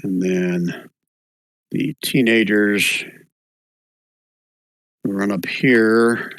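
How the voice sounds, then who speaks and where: A man narrating as game master for an online tabletop game, in a relaxed, low-key way with fillers. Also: very slow, no room sound.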